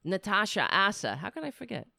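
A woman's voice: medium pitch, big pitch swings, brisk, creaky, sharp tone, dry recording, studio quality. A woman commentator delivering an indignant, sarcastic rant. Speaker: political commentator.

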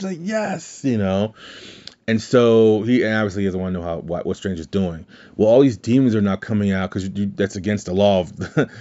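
A man's voice: on the low side, darkish tone. Rambling man recapping a movie, lo-fi. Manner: rambling, retells scenes with quoted lines. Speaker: podcast host. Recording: dull lo-fi sound.

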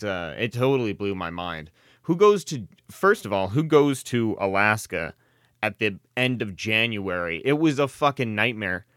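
A man's voice: fairly low pitch, a bit bright, clear, resonant tone, dry recording, studio quality. A man hosting a solo podcast, rambling casually with constant swearing, self-deprecating jokes and sardonic asides. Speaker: podcast host.

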